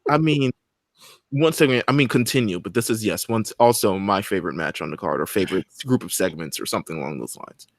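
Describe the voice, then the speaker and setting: A man's voice: on the low side, fast talker, vocal fry, dry recording, clean studio sound. A young man co-hosting a casual podcast chat about old wrestling shows, rambling and joking as he talks. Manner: rambling, joking, restarts often. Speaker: podcast co-host.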